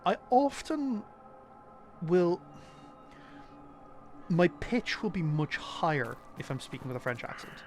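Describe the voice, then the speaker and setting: A man's voice: a little high, expressive, fairly quick, few pauses, soft background music. Man thinking aloud over a game. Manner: muttering, thinking aloud, swears. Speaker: streamer playing a detective game. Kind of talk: casual live-stream commentary.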